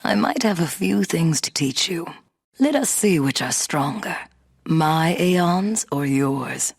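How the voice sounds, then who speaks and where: A proud veteran summoner speaks with calm authority in a game. Her voice sits low and husky. She takes her time over each phrase. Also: heavily acted. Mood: calm, stately. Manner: stately, measured. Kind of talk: game voice acting.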